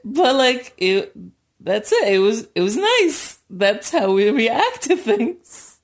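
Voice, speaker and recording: Animated woman with a gravelly voice. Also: slow pace. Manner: animated, laughs often, pitch jumps when excited. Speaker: podcast co-host. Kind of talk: casual chat.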